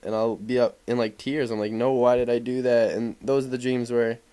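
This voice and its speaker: A man's voice: medium pitch, little pitch movement, brisk, mellow. Rambling young man, gaming voice-over. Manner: rambling, filler-heavy, swears freely. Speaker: gaming commentator. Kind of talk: casual voice-over commentary over gameplay.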